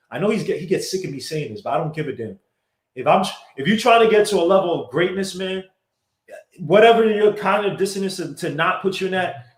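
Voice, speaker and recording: A man hosting a sports podcast, chatting casually, excitable and quick to give shout-outs. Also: high-pitched. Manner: excitable, gives shout-outs, laughs loudly. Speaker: podcast host. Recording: echoey room.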